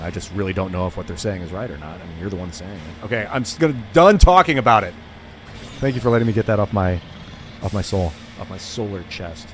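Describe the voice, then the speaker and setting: Rambling low-voiced male game streamer. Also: slight background noise. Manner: rambling, filler-heavy, says "like" a lot. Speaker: gaming streamer. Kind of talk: casual chat while streaming a game.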